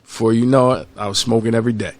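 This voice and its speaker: A man's voice: mid-range voice, racing, no room sound. A man co-owning a cigar lounge, chatting casually and telling stories in a laid-back way. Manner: relaxed, laid-back storytelling. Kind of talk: casual chat.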